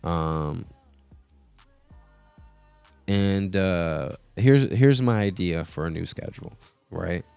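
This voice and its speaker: A man hosts a casual live stream, rambling along and filling gaps with ums. His voice is deep and smooth with a gravelly edge, and he talks slowly. Faint music plays underneath. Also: a little mellow, no room sound. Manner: rambling, many filler words. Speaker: host. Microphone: podcast mixer setup.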